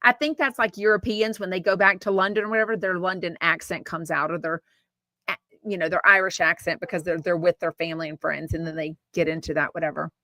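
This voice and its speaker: A woman's voice: fairly low pitch, steady tone, fast, bright, forceful tone, no room sound. A woman from Texas hosting a podcast, chatting casually and reading out comments in a rambling way with fillers and restarts. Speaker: podcast host. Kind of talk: casual live-stream chat, reading comments.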